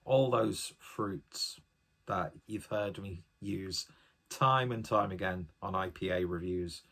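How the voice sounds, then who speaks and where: A man's voice: on the low side, pushed and bright. A man giving a casual solo beer review, chatty and enthusiastic, often rambling off on tangents.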